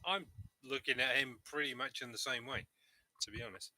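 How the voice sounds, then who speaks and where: A man's voice: medium pitch, moderate pace, pushed and bright, no echo. A man playing in a tabletop game, speaking in a formal, polite in-character manner. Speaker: player.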